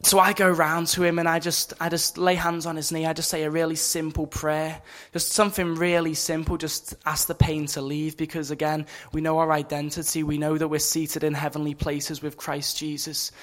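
Earnest young man preaching, even high voice. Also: moderate pace, few pauses. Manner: earnest, casual, many fillers like "you know" and "just". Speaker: Christian speaker at a campus meeting. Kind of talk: informal sermon testimony.

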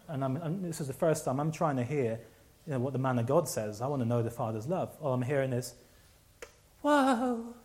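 A man's voice: medium pitch, fast talker, darkish tone. A man preaching a sermon, telling a personal story with many restarts and repeats.

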